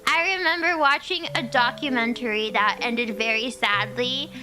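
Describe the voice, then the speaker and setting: Brief: high-pitched woman streamer, giggly rambling storyteller, music playing behind her. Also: moderate pace. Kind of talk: casual chat. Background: background music.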